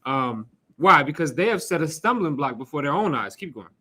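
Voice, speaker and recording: A man with a high, bright voice preaches to a small class in a loose, talky way. He keeps asking the room questions and slips in laughs and swearing. He sounds relaxed and street-casual rather than formal. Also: fairly quick. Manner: casual, conversational, rhetorical questions, occasional cursing. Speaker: teacher leading a scripture class. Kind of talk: informal sermon.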